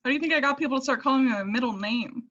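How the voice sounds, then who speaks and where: Brief: woman podcast guest, bright and forward tone, hesitant thoughtful talk, muffled lo-fi sound. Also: sits high, rapid-fire. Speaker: guest, English teacher. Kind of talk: casual podcast chat. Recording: dull lo-fi audio.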